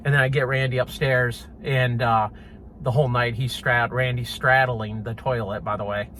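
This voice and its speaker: A man telling a funny personal story in a casual, animated way, often laughing and mimicking sounds. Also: mid-range voice, a little hiss or hum. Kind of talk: casual anecdote.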